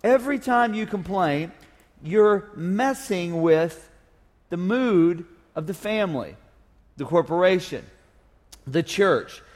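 A man's voice: sits high, animated, takes it slowly, darkish tone. A man preaching a sermon as pastor, joking and drawing call-and-response from his congregation. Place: church sanctuary. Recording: long reverb of a church hall.

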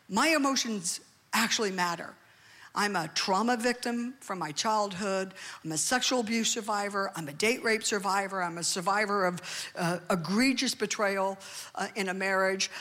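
A middle-aged woman pastor preaching a sermon with animated delivery, often calling for amens from the congregation. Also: mid-range voice, normal speed. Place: church hall. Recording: long reverb of a large hall.

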